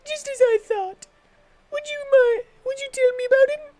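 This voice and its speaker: Brief: woman voicing a high, squeaky, bossy young game heroine. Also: normal speed, very noisy. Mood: eager. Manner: high, squeaky, pushy put-on voice. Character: meddling, eager young woman matchmaker.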